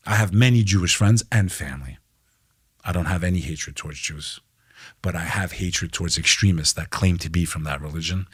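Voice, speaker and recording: A middle-aged American man speaks with fierce conviction on a podcast, his voice sitting low and steady. He punches his points hard, curses freely and keeps calling his listener "bro". The sound is close and dry, with no room in it. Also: breathy edge, no echo. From United States. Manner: heated, emphatic, profane, keeps saying "bro". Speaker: podcast guest. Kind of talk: impassioned podcast talk.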